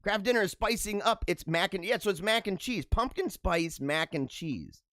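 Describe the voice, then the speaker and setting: A man hosting a show, reading out news items and joking about them in loose, animated asides with frequent laughs. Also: high-pitched, moderate pace, no echo. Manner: animated, laughs and riffs between read-aloud headlines. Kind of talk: casual commentary on news items.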